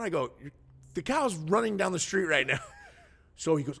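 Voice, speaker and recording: A man's voice: fairly high pitch, quick pace. A middle-aged man from the United States, co-hosting a casual podcast chat and telling stories, acting out the people in them. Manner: animated storyteller who acts out the people in his stories. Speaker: podcast co-host.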